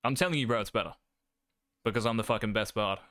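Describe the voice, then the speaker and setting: A young man gives casual gameplay coaching commentary, brash and confident, swearing freely. His voice is lowish, fast, bright, forceful, crisp, and smooth. It's recorded close and dry, with no room sound at all.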